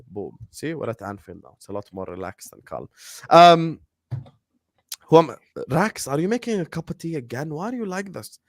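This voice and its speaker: Bantering man hosting a live call-in stream. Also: medium pitch. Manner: banter, animated introductions and teasing. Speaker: host. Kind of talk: casual chat. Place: home studio, virtual stadium background. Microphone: video call stream. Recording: dry, close with no room echo.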